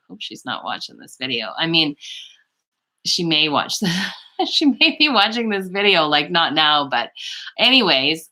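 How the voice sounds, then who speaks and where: A woman's voice: low-pitched, bright, forceful tone. A woman beauty vlogger chatting casually on a live stream, rambling and laughing often, calling viewers "girl".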